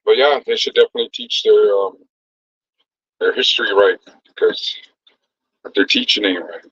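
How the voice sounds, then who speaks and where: A man's voice: lowish voice, moderate pace, fairly bright tone, breathy edge, no room sound, highs cut off. A middle-aged man who cooks and sells food, chatting loosely into his phone during a livestream with lots of fillers and easy laughter. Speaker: food truck cook and vlogger. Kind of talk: casual livestream chat.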